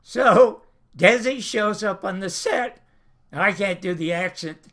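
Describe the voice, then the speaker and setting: An older man hosting his own show, telling a showbiz anecdote in an animated way and acting out the voices. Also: high-pitched, measured pace. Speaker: show host. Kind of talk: anecdotal storytelling.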